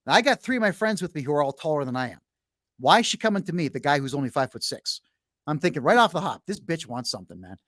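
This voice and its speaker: Quick and fairly bright, his slightly high voice has a sing-song lilt as this brash, middle-aged podcast host bluntly tells a long story in casual conversation. He keeps restarting and dropping in fillers, and the studio audio is clean and dry.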